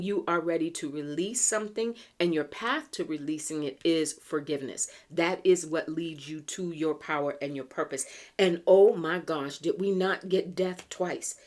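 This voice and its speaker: Low-voiced American woman reading tarot. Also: a little mellow. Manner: chatty, earnest, slows down to read cards aloud. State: clearing a tickly throat. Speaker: tarot reader. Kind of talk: pick-a-card tarot reading.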